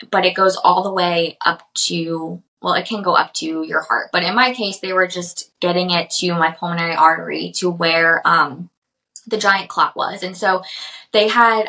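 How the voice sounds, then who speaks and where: Young female podcast host, candid storyteller, bright tone with some vocal fry. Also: lowish voice, rough recording. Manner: chatty, lots of "like" and "um", gets emotional in places. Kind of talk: personal storytelling.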